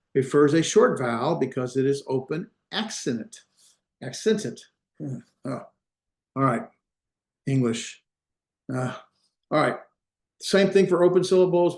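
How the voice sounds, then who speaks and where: A male instructor walks his class through a grammar lesson over a video call. He explains one point at a time and keeps pausing to make sure the students are following. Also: mid-range voice, a little mellow. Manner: explains step by step, often checking the class follows. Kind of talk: online class lecture.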